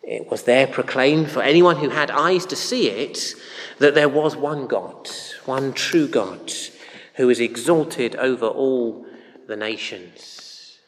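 A man's voice: medium pitch, takes it slowly. A man preaching a sermon in a loose, conversational way, with anecdotes and frequent ums and uhs. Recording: echoey hall with long reverb.

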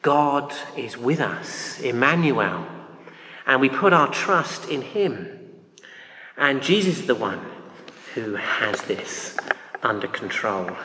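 A man's voice: medium pitch, sing-song, slow, sharp tone, a little hiss or hum. A man preaching a sermon in a loose, conversational way, with anecdotes and frequent ums and uhs. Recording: echoey hall with long reverb.

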